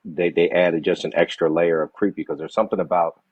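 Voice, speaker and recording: A man co-hosting a movie review chat, talking in an animated, slangy way and often saying "you know what I'm saying". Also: deep voice, brisk, breathy edge, no echo. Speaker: podcast co-host. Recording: dry, dull lo-fi audio.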